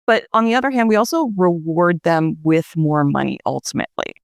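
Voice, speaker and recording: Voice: mid-range voice, sing-song, brisk, vocal fry, no room sound, clean studio sound. A guest explaining voice research in a radio interview, talking it through with fillers and restarts.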